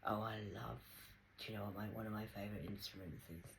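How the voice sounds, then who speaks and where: A woman's voice: extremely low pitch, steady tone, fast talker, creaky. Rambling woman with faint background noise. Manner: rambling, swings between loud exclamations and soft whispers. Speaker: spiritual vlogger. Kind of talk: rambling spiritual monologue.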